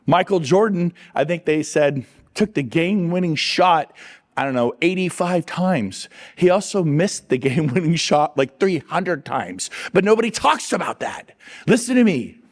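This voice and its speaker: A middle-aged man giving an energetic motivational talk on stage, quizzing and teasing his audience. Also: a little high, moderate pace. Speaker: real estate coach on stage.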